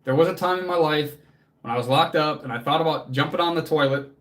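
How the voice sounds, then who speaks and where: A man's voice: fairly high pitch, fast, fairly bright tone. A man hosting a casual livestream as a fitness coach, answering chat in an earnest, motivational way, casually swearing and close to tears.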